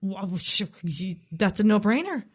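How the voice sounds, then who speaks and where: A woman's voice: mid-range voice, big pitch swings, slightly rough. A woman co-hosting a podcast, chatting in an agreeable, upbeat way. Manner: chatty, agreeable, quick to laugh. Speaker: podcast co-host. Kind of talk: casual chat.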